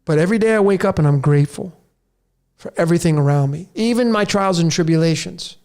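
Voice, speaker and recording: Speaking fast in a high-pitched, slightly mellow voice, a man in his late forties hosts a podcast. His monologue to listeners is a raw, preachy rant.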